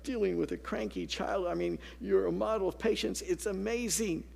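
A man's voice: high-pitched, normal speed, creaky, darkish tone, slightly rough, in a large hall, voice pushed up, heavily acted. A man voicing an admiring woman shopper who gushes over a stranger.

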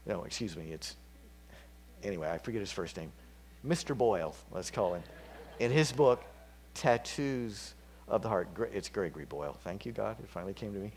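A man preaching a sermon, casual and chatty, dropping to whispers and climbing to loud, fervent peaks. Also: lowish voice, expressive, moderate pace. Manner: conversational, with fillers and slips.

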